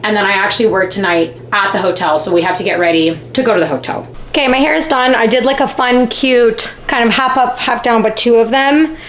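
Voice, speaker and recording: A woman's voice: a little high, brisk, few pauses, crowd noise. Tired, chatty young woman vlogging. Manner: chatty, animated, self-deprecating. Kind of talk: casual vlog chat to camera.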